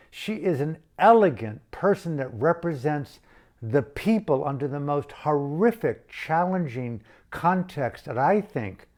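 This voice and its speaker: Slow fervent older man. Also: on the high side, darkish tone. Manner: fervent, rhetorical, repetitive lists. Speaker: activist speaker. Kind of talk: impassioned monologue.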